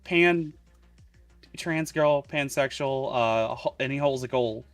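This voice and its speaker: A woman's voice: rumbling low, takes it slowly, no echo, soft background music. Rambling trans woman streamer, dry mic. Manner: joking, rambling with fillers. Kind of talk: casual group chat.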